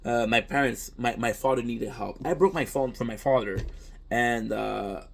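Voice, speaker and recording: A man's voice: mid-range voice, moderate pace, vocal fry. A man whose first language is French, a content creator talking in a casual, reflective monologue. He is earnest and rambling, often restarts, and swears.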